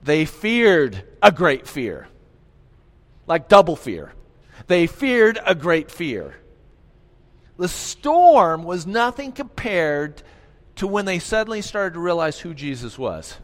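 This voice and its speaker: A male pastor giving an animated sermon, often asking the congregation questions. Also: a little high, slow pace. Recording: long hall reverb.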